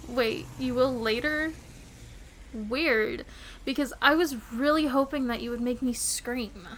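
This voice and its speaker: A playful young girlfriend, voiced by a woman, teases and giggles through a romantic audio role-play. Her voice sits high and bright in pitch, and she speaks slowly, letting each word linger. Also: slight background noise. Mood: teasing. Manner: giggly and teasing.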